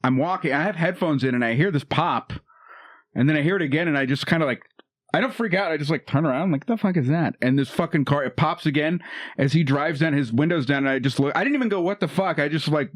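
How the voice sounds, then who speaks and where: A man's voice: on the high side, quick pace, dry recording, clean studio sound. A man from Eastern Iowa, a stand-up comedian guesting on a podcast, telling stories with heavy swearing. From Eastern Iowa, USA. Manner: animated storyteller, heavy swearing, acts out quotes. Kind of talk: casual chat, storytelling.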